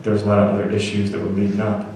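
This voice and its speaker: He speaks very fast in a completely flat, fairly low, darkish voice, with slight background noise behind him. The man is a motivational speaker giving a storytelling talk to schoolchildren, earnestly asking them to agree. His voice carries from far off through a very echoey hall.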